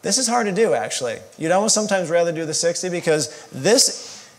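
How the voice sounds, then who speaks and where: A man with a slightly high voice co-teaches a church marriage class. He talks casually, joking and teasing his listeners as he goes. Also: lively intonation, fairly quick. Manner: jokey, casual, self-deprecating. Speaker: marriage counselor.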